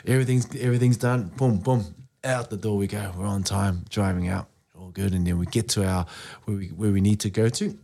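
A man's voice: deep voice, fairly even intonation, moderate pace, creaky, mellow, slightly rough. A man in his thirties telling a playful story about his family on a casual podcast, acting out his own lines. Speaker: podcast co-host.

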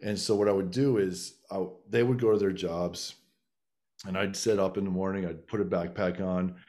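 A man's voice: low voice, fairly even intonation, moderate pace, warm tone. A middle-aged man casually telling a long personal story, with many restarts and fillers. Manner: rambling, frequent restarts and filler.

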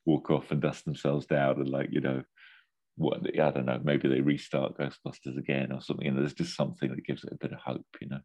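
Casual male co-host, very low register, hesitant rambling delivery. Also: level tone, fairly quick, darkish tone. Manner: rambling, hesitant, full of fillers. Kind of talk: casual chat.

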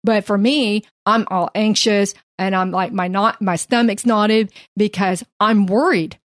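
A woman co-hosting a faith podcast, mixing Bible teaching with earnest, animated storytelling. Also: mid-range voice, measured pace, dry recording, studio quality. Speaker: podcast co-host.

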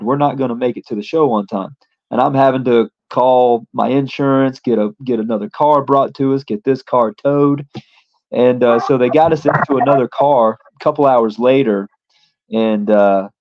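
A man's voice: medium pitch, lo-fi sound. A man, a pro wrestler appearing as a guest, telling a casual story in a rambling way with lots of fillers.

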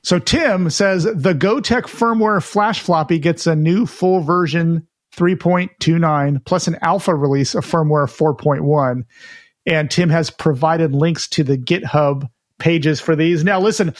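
A man co-hosting a casual retro gaming podcast, chatty and relaxed, reading out listener news with his own asides. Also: fairly high pitch, a little slow, no room sound, studio quality. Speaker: podcast co-host.

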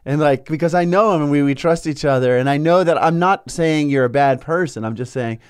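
A man's voice: a little high, brisk, smooth. A man co-hosting a talk show, chatting casually and acting out the voices of people in his stories. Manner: animated storyteller, acts out quoted voices. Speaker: co-host. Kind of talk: casual chat.

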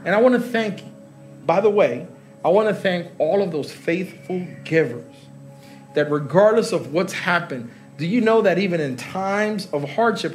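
A middle-aged man preaching live as pastor in a large church hall, joking with the congregation and laughing. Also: sits high. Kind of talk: sermon.

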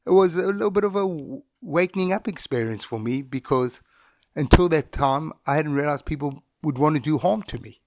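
A middle-aged man from Zimbabwe, a guest in an interview, telling stories about his life in a relaxed, anecdotal way and chuckling as he recounts them. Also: a little high, moderate pace, dry recording, clean studio sound. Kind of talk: reflective storytelling in an interview.

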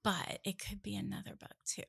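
A woman's voice: mid-range voice, level tone, brisk, creaky, a bit bright, husky. A woman co-hosting a casual podcast, talking about books with enthusiasm. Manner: enthusiastic, chatty. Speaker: podcast co-host and book club member. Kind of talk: casual chat.

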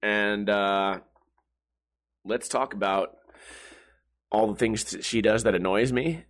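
A man's voice: lowish voice, takes it slowly. Profane joking man hosting a podcast. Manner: profane, joking, exaggerated storytelling with mock voices. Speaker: podcast host. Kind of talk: casual comedic podcast rant. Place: home room.

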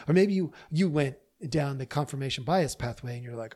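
A man's voice: mid-range voice, fairly quick, few pauses. Emphatic man hosting a podcast. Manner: emphatic, animated, talks straight to listeners. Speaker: podcast host. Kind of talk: opinion monologue.

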